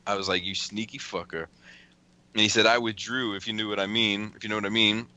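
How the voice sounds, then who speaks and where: A man's voice: on the low side, fairly even intonation, brisk, pushed and bright. A man hosting a podcast, casually reading out text messages with a lot of cursing and laughing. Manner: profane, laughing often while reading. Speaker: podcast host.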